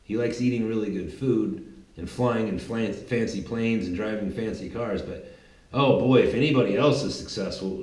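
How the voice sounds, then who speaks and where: A man's voice: on the low side, normal speed, darkish tone, echoey room, poor audio. A man giving a rambling, emphatic political monologue, often restarting his sentences and adding asides. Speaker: political commentator.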